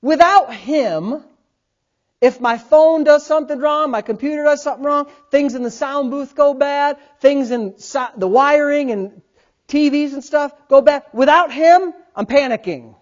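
A man preaching a sermon as pastor, swinging between loud bursts and quiet asides. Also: very high voice, a little slow. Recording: dull lo-fi sound.

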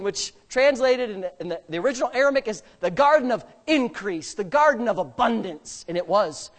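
A man preaching a sermon as pastor, emphatic and full of rhetorical questions, swinging from quiet asides to shouting. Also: high-pitched, lively intonation, quick pace.

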